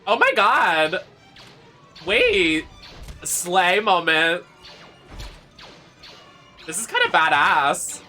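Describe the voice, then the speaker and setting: A game streamer giving campy, sassy, playful live commentary with loud gasps and squeals. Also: mid-range voice, sing-song, drawn-out words, pauses often, soft background music. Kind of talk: live let's-play commentary.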